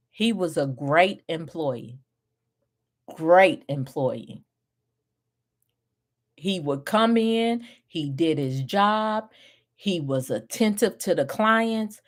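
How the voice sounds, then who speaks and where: A middle-aged woman mentoring group home owners, telling a story in an animated way, laughing often and acting out what people said. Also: on the low side. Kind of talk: storytelling to viewers.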